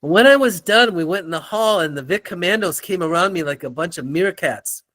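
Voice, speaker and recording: An older man, a guest in an interview, telling animated stories and acting out the people in them. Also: sits high, a little fast. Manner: animated storyteller, acts out quoted voices. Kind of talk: storytelling in an interview.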